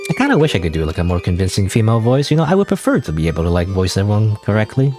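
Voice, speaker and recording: A man with a naturally deep voice rambling self-deprecatingly through casual gaming commentary. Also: sing-song, very fast, over music. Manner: rambling, self-deprecating, lots of fillers and laughs. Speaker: gaming streamer. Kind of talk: casual let's-play commentary.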